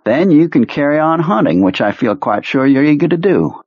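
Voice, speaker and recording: A man voicing a cheerful, quietly menacing male military commander in an audiobook, his voice raised and breezy. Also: a little high, very animated, normal speed, husky, dry recording, dull audio, voice pushed up, heavily acted. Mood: commanding. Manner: breezy, jovial, quietly sinister.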